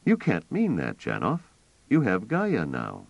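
A man voicing a blunt, direct younger man who is impatient but trying to stay calm. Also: fairly low pitch, a little slow, gravelly, no echo, dull audio, pitched above the performer's own voice, full character voice. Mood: wry. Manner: direct, terse.

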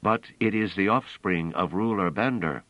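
A man's voice: deep voice, normal speed, no echo, voice pushed up, natural voice. A man voicing an earnest, anxious male scholar who pleads in a half-strangled, over-earnest way. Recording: dull, dry audio.

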